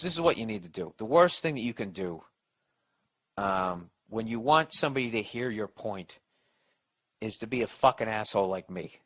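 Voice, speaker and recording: Bright-voiced, profane ranting man. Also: fairly low pitch. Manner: profane, exasperated, sarcastic ranting. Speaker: podcast host giving advice. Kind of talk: ranting comedic podcast monologue.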